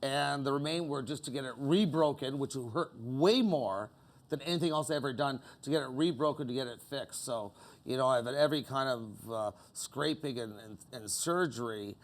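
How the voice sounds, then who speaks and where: A man's voice: medium pitch, normal speed. A man from Canada, a guest on a talk show in a music club, telling rambling, self-mocking anecdotes full of "you know.". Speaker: interview guest. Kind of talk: casual anecdotes.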